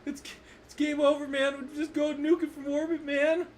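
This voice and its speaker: A man imitating a panicking male space marine in a shrill, frantic voice. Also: flat delivery, moderate pace, a little hiss or hum. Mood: panicked.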